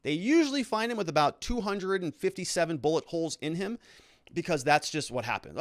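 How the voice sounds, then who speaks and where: A man's voice: on the high side, lively intonation, fairly quick, dry recording, studio quality. Sarcastic man doing legal commentary. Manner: conversational, sarcastic asides. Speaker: lawyer commentator.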